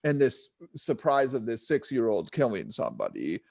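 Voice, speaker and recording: A man's voice: mid-range voice, wildly swooping pitch, moderate pace, vocal fry, a little mellow. A man co-hosting a film podcast, chatting casually, laughing often and checking in with "right?". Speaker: podcast co-host.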